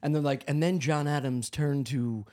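A man's voice: on the high side, steady tone, moderate pace, a little mellow. A man co-hosting a comedy podcast in casual chat, riffing with sarcastic, profane jokes. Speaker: podcast co-host.

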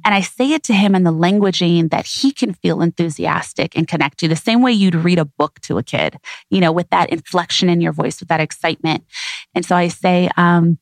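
Earnest, reflective woman with a lowish voice. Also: fairly quick, creaky, no room sound. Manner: earnest, warm, reflective, speaks in repeated emphatic phrases. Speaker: interview guest. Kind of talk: reflective conversational interview.

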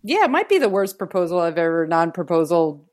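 A woman's voice: on the low side, big pitch swings, brisk, darkish tone. A woman guest on a comedy podcast, talking bluntly and sardonically about a show. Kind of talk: comedic recap chat.

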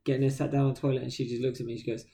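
Gravelly, mellow British podcast host. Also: male voice, medium pitch, rapid-fire. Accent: British English. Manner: slangy, animated storytelling. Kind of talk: casual chat.

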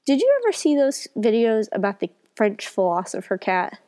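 This woman's voice is fairly high with huge pitch swings, a dark tone and a normal speed. She has a cold as she co-hosts a casual book review podcast, rambling and catching her own slips.

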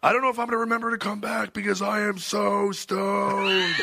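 A man doing a gravelly stoned drawler. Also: high voice, sharp tone, a little hiss or hum, pitched above the performer's own voice, heavily acted. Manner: chuckling, drawling, scattered. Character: stoned, slow, giggly laid-back man. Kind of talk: celebrity impression.

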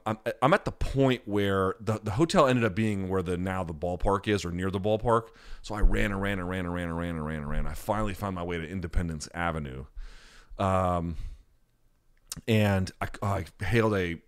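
A young adult man hosting a podcast, telling a profane, animated story in a casual chat and answering questions. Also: low-pitched. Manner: profane, animated storyteller acting out other voices. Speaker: podcast host.

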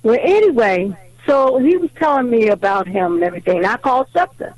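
A woman calling in to a radio show, telling a story in an animated, indignant way over a phone line. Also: on the high side, fairly quick, dry recording. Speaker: caller.

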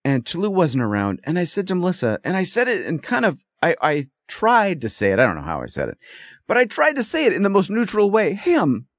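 A man's voice: high-pitched, wildly swooping pitch, a little fast, dry recording, clean studio sound. A man hosting a podcast, telling a story in a rambling, exasperated casual monologue. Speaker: podcast host.

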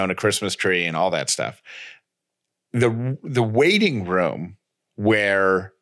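A man with a fairly low voice co-hosts a casual podcast chat. He tells his stories in a loose, rambling way, stopping to restart his sentences. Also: a bit bright. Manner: rambling storyteller, frequent fillers and restarts. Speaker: podcast co-host.

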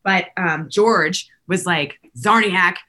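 A woman in her forties telling lively stories in casual conversation, laughing often and acting out the people she quotes. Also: on the low side, normal speed. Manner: animated, laughing, acts out quoted voices. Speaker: podcast guest.

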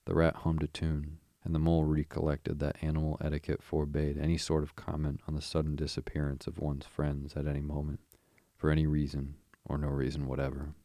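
Audiobook narrator, man, rumbling bass, flat and steady, gravelly, dry studio sound. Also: a little fast, no room sound.

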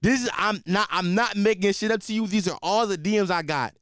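A man hosting a podcast, telling a comic story in a profane, rambling, animated way. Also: sits high, a little fast, smooth, dry recording, studio quality. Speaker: podcast host. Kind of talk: comedic storytelling.

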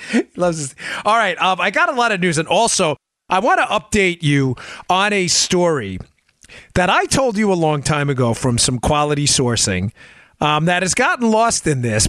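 A man's voice: high-pitched, no room sound, studio quality. Upbeat male talk show host. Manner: energetic, joking banter with his producer; direct, emphatic address to listeners. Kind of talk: casual political talk show.

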